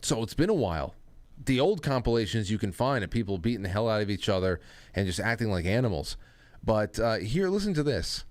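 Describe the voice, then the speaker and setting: A man hosts a casual talk show, wandering through his points with restarts and asides. His voice is low and clear. The sound is dry and close. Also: very animated, fairly quick, no room sound. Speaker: host.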